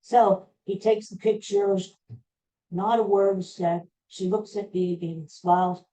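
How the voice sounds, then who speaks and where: A man slowly retelling a personal story in a rambling, halting way, with frequent restarts. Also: high-pitched, flat delivery, mellow, rough recording.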